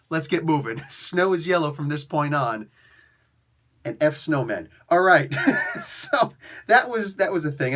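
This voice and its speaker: A man giving a casual comic book review, ranting excitably with playful mock outrage, slang and frequent laughs. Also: a little high.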